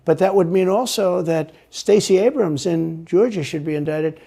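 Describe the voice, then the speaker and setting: A man's voice: high voice, normal speed, gravelly, dark tone, slightly rough. A man speaking as an interview guest, rambling and repeating himself with a boastful tone. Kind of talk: played interview clip.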